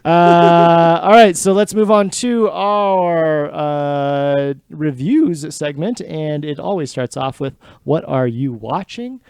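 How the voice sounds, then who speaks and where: A man hosts a relaxed film chat with a slightly high, gravelly voice. His tone is smooth and resonant, recorded close and dry. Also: takes it slowly, hardly any pauses, dry recording. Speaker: show host. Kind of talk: casual panel chat.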